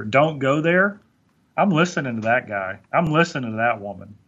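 An earnest man giving a motivational talk on a podcast, his words tumbling out with restarts and repeats. His voice sits at a middle pitch, and the recording sounds dull and slightly lo-fi. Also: normal speed, a bit bright. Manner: earnest, preachy, with many restarts. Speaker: podcast guest speaker.

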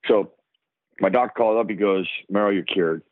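A man's voice: fairly low pitch, moderate pace, a little hiss or hum. A middle-aged man, a former football player, tells stories as a guest in a casual interview and acts out the voices of the people in them. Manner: animated storyteller who acts out the lines of others. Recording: dry, tinny phone line.

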